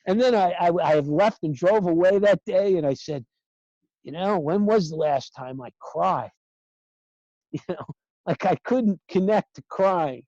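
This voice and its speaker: A middle-aged man telling a story in casual conversation, animated and acting out past dialogue. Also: fairly high pitch, no room sound, lo-fi sound. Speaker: guest recalling early sessions.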